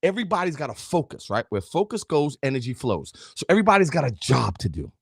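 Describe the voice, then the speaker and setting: A man's voice: on the high side, very animated, fast talker, gravelly, breathy edge, no room sound, studio quality. A middle-aged man hosting a podcast, giving an emphatic, preachy motivational talk straight to his listeners. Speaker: podcast host.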